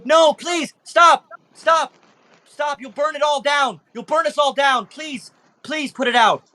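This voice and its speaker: A man's voice: mid-range voice, moderate pace, bright, forceful tone, close to an everyday voice. A man voicing a timid young female siren who guards a garden, pleading and apologetic.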